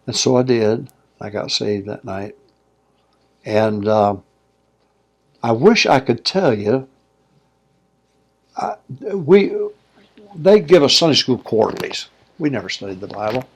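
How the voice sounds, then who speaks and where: Gravelly older preacher telling stories. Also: male voice, medium pitch, animated, slow pace, long pauses. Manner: folksy, plainspoken, chuckles as he tells stories. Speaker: pastor and guest. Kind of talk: storytelling interview.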